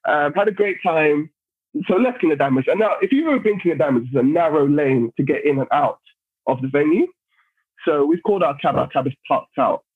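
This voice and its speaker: A man telling a story on a podcast in a casual, animated way. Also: a little high, brisk, husky. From London, England. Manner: animated, acts out other people's lines while telling stories. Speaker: podcast guest. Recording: phone-like narrow sound.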